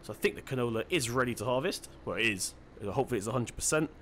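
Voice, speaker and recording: A man's voice: medium pitch, lively intonation, very fast, fairly bright tone, slight background noise. A man giving casual let's-play commentary, chatty and self-deprecating, thinking aloud as he plays. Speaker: gaming channel host.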